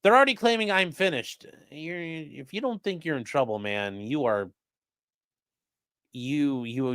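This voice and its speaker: A man's voice: medium pitch, fairly bright tone, no echo, studio quality. A man doing mocking, sarcastic live-stream commentary while reading chat, swearing often.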